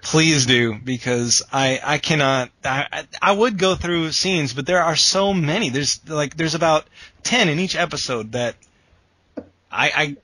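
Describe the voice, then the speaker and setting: A man's voice: a little high, unhurried, sharp tone, poor audio. A young man co-hosting a podcast, telling stories in a rambling way with lots of fillers and restarts. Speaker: podcast co-host. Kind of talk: casual podcast chat.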